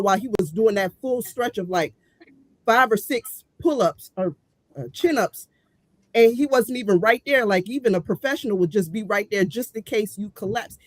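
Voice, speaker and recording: A woman's voice: mid-range voice, no echo. A woman co-hosting a casual panel debate, blunt and outspoken. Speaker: co-host.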